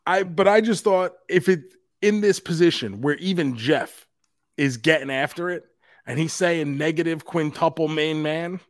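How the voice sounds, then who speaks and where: A man co-hosting a casual pop culture podcast, animated and joking, with casual swearing. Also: fairly high pitch, normal speed, no echo, studio quality. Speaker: podcast co-host.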